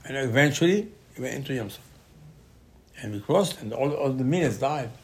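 A man with a medium-pitched voice, talking a little fast, delivers a Torah class framed as a lively story. He blends Hebrew terms into his English and acts out quoted speakers with abrupt loud outbursts.

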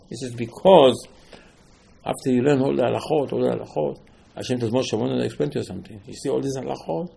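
Gravelly emphatic male rabbi. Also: medium pitch, fast talker, warm tone. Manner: emphatic, rhetorical questions, acts out dialogue. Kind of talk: Torah lecture.

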